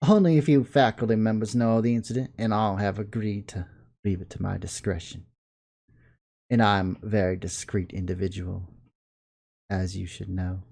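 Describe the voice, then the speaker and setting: A man with a Southern accent voicing a stern, formal male school official who speaks in a measured, composed way. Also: on the low side, fairly even intonation, vocal fry, darkish tone. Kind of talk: video game dialogue reading.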